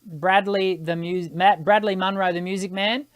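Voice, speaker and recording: A woman's voice: mid-range voice, fairly even intonation, normal speed, dry recording. A woman hosting a live singing Q&A, thinking aloud as she explains vocal technique with technical terms. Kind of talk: live-stream Q&A, answering viewer questions.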